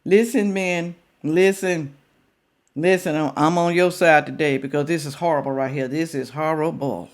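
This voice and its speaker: A woman's voice: low voice, steady tone, normal speed. A woman hosting a reaction video, chatting straight to her viewers in a casual, teasing way.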